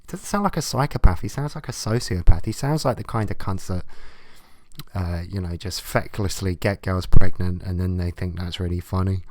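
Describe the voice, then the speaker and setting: A young man with a fairly low voice delivers a sarcastic, swear-heavy comedic rant. He reads letters aloud and mocks them. The sound is dry, with no room echo. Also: normal speed, a little mellow. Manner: profane, sarcastic ranting. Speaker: vlogger.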